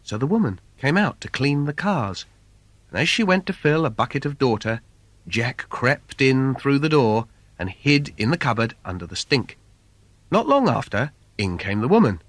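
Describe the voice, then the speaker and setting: A man's voice: medium pitch, very animated, normal speed, no room sound. A man reading a comic fairy tale for children in a playful, sing-song storyteller manner. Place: recording studio. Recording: dry studio recording.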